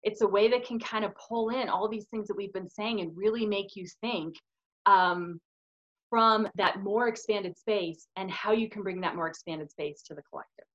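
A woman of medium pitch, talking at normal speed, co-hosts a spiritual podcast. She speaks earnestly and emphatically in casual conversation, saying "you know" often. The audio is slightly dull and lo-fi.

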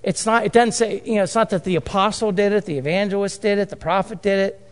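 A man's voice: high voice, fairly even intonation, fast talker. A man preaching a sermon, emphatic, repeating and drawing out key phrases. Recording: long hall reverb.

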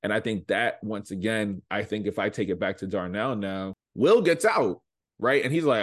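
A man with a fairly low voice in a relaxed podcast conversation. He thinks things through out loud and now and then jumps up into a playful quote. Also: normal speed. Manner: reflective, lets out playful quoted asides. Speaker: podcast co-host. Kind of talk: casual recap chat.

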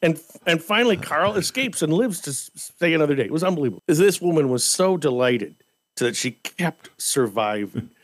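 A man co-hosting a podcast in casual chat, telling game anecdotes with lively energy and frequent laughter. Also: on the high side, normal speed. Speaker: podcast co-host.

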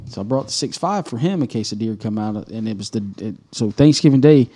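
A man, co-hosting a casual podcast and telling an animated hunting story, swearing and laughing as he goes. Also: on the low side, a little fast, husky. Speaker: podcast co-host.

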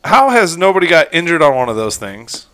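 Fast-talking excitable man on a podcast. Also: on the high side. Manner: excitable, swears casually. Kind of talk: casual chat.

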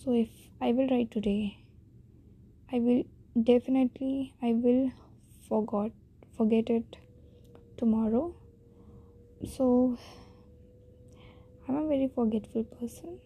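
In a casual solo podcast monologue, a shy, self-deprecating teenage host with an Indian accent rambles slowly and hesitantly. Her voice is a touch high yet dark and mellow, with a breathy edge.

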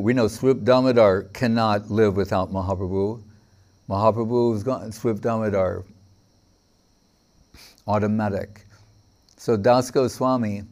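A spiritual teacher gives a devotional lecture in a medium-pitched, slightly mellow male voice. He tells stories with quoted dialogue and uses frequent fillers.

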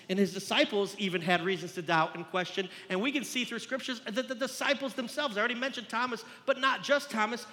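A man with a high, bright voice preaches an earnest, conversational sermon, speaking plainly to his listeners like a pastor walking them through a passage. His voice rings out with a long hall reverb trailing behind each phrase.

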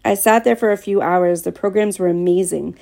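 A woman narrating a first-person story aloud in a steady, plain storytelling manner. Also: medium pitch, fairly quick, gravelly. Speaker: audiobook narrator.

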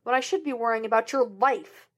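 A woman's voice: fairly high pitch, brisk, natural voice. A woman voicing a stern older father who snaps and scolds, in an audiobook reading.

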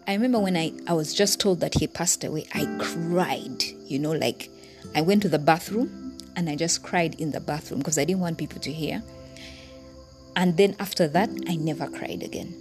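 Earnest woman podcaster with a lowish voice. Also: moderate pace, over music. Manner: earnest and heartfelt, speaking directly to listeners. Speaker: podcast host. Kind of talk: personal reflective monologue.

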